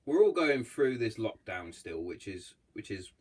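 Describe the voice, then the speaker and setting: This podcast host has a fairly low, husky, slightly mellow voice, and he's very animated. In his casual solo chat he swears a lot and speaks bluntly, throwing in quick voices to act out what others said.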